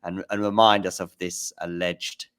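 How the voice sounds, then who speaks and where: A man's voice: low voice, flat delivery, normal speed, a bit bright, clean tone. A man hosting a casual tennis talk stream, rambling a little and thanking viewers in the chat by name over a remote call.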